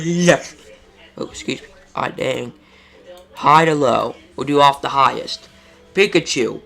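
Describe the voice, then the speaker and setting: A man's voice: medium pitch, unhurried, vocal fry, long pauses, fairly bright tone. A man talking casually and with exasperation as a collectibles video host, ranting with some profanity. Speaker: collectibles YouTuber.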